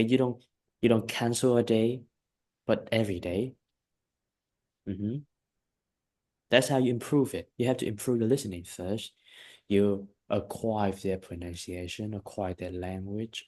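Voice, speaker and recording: Male English tutor, lower voice, emphatic and repetitive coaching, frequent check-ins. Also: darkish tone. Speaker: English teacher. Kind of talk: one-on-one lesson feedback.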